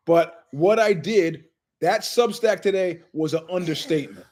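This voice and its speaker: On his own show, a middle-aged man with a high-pitched voice for a man tells a long story in an animated, emphatic monologue. He keeps a measured pace, strays into asides, and voices other people when quoting them.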